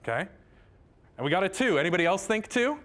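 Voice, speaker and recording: A man's voice: high-pitched, big pitch swings, fast, a bit bright. A man giving a casual math lecture. He chats, drifts into tangents and keeps checking in with "right?".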